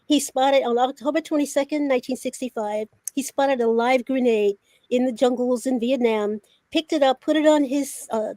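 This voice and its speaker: Woman, older, high voice, animated storyteller, acts out quotes, dry close sound. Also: moderate pace, dry recording. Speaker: veteran journalist, talk show guest. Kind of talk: casual storytelling.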